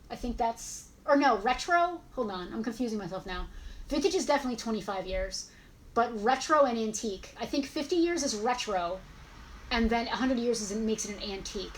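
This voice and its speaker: A woman's voice: a little high, expressive, moderate pace, low-quality recording. A woman in her forties hosting a casual live-stream sale of collectibles, chatty and rambling, often correcting herself mid-sentence. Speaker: host selling collectibles.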